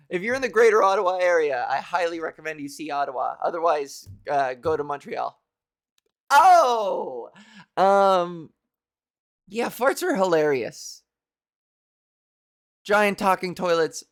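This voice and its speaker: Rambling, profane woman in her thirties. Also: lowish voice. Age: 30s. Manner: rambling, profane, laughs at own jokes, mimics voices. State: hungover. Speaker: comedy show host. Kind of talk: loose stand-up style monologue.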